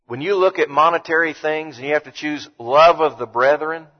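A man delivers a sermon in an emphatic preaching voice, slowing to read scripture. His voice sits a little high, and the sound is muffled and lo-fi with a long hall reverb trailing behind him.

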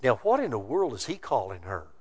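A male pastor preaching a sermon, emphatic, rising loud then dropping low. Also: huge pitch swings, fairly quick, slightly rough. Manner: emphatic preaching with wide swings of pitch and loudness.

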